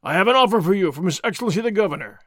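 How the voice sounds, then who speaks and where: A blustering army sergeant from an old adventure story, loud and commanding, as a man reads him aloud. The voice is a bit raised and forceful. It is recorded close and dry. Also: high voice, lively intonation, rapid-fire, dry recording.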